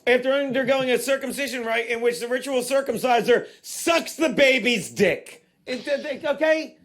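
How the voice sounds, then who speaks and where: A man's voice: very high-pitched, moderate pace, fairly bright tone. A male podcast host in casual comedic banter, laughing in disbelief as he reads a news article aloud.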